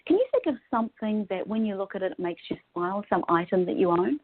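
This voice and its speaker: A woman's voice: mid-range voice, lively intonation, fast. A woman from New Zealand with a New Zealand accent, speaking as a guest in a podcast interview in an upbeat, effusive way. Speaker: guest, wardrobe stylist. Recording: phone-line audio.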